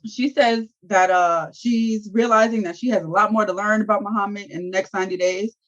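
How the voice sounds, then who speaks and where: A woman's voice: mid-range voice, steady tone, a little fast, fairly bright tone, highs cut off. A woman co-hosting a casual reality-TV recap show, retelling scenes with profanity and acted-out quotes. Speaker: co-host.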